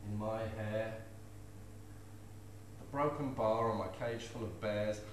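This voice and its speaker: A man's voice: lowish voice, fairly even intonation, takes it slowly, recorded from a distance, background noise. Man performing comic verse. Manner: rhythmic, playful rhyming delivery. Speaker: poet. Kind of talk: live comic poetry performance. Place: live venue before an audience. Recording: echoey room with faint ambience.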